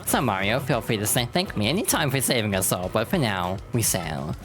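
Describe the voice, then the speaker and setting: A woman's voice: very deep voice, big pitch swings. Woman putting on a haughty skeleton pirate captain. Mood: gloating. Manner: haughty, drawn-out theatrical threats. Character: boastful ancient male skeleton pirate captain. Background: game music.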